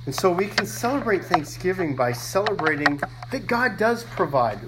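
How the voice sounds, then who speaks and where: A man's voice: sits high, big pitch swings, normal speed, hardly any pauses, background noise. A man preaching a sermon as pastor, reading scripture with emphasis and often repeating words as he thinks aloud.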